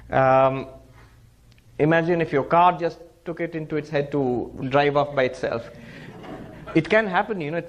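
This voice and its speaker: A man teaching Vedanta as a monk, telling a parable with acted-out dialogue. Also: a little high. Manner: animated storyteller, acts out characters' lines, chants Sanskrit verse. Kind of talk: spiritual lecture with storytelling.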